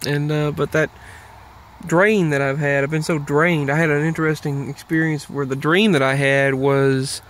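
A man talking on his own in a loose, meandering way, often circling back on his words. His voice sits a little high for a man. Faint noise runs under the recording. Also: level tone, normal speed, fairly bright tone. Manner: meandering, many fillers and restarts. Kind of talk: casual rambling monologue.

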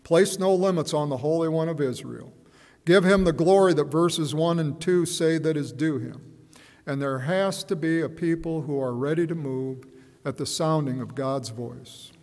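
Male preacher, slightly high voice, measured and reflective, fillers and restarts, church reverb. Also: a little mellow. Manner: measured, musing, hesitant with fillers and repeats. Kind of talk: sermon.

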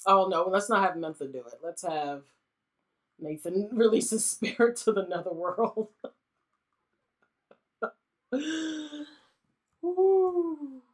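A woman chats her way through a life-sim game in casual let's-play commentary. She laughs often and slips into quick voices for the characters. Her pitch sits in an ordinary middle range. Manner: giggly, animated, voices characters in quick asides. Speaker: gaming YouTuber.

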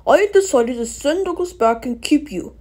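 A woman voicing a stern, indignant male railway boss who scolds in a measured, disapproving way in a storybook reading. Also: high voice, lively intonation, darkish tone. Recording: music playing behind. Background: music.

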